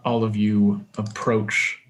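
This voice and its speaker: A man narrating a tabletop game as game master, with measured description and quick asides. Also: on the low side, little pitch movement, a little hiss or hum.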